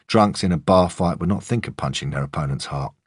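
A man reading a first-person story aloud in a calm, measured way. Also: sits low, slightly rough, no room sound, clean studio sound. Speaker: audiobook narrator. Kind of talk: first-person audiobook narration.

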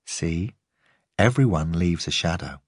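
A man voicing a sharp, eager young policewoman who talks briskly and sounds pleased with herself. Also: deep voice, lively intonation, husky, dry recording, studio quality, heavily acted. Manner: brisk, self-satisfied, insistent.

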